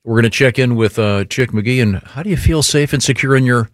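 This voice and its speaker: Relaxed radio host man, dry studio sound. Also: mid-range voice, no echo. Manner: loose, halting, many uh fillers. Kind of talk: hosting a morning radio show.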